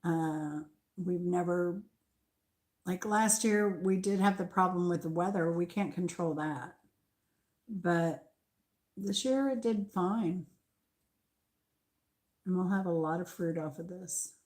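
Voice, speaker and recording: An older woman with a light Southern American accent chats her way through a garden tour. She talks slowly and unhurriedly, drifting between thoughts with pauses. Her voice sits a little low for a woman. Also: darkish tone. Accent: Southern American mix. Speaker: channel host. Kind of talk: casual garden tour chat.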